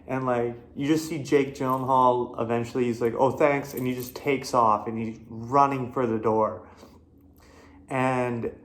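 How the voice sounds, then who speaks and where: A man's voice: medium pitch, a bit bright. A man hosting his own horror film review, talking casually with lots of fillers, restarts and swearing. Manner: rambling, profane, many fillers and restarts. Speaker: host.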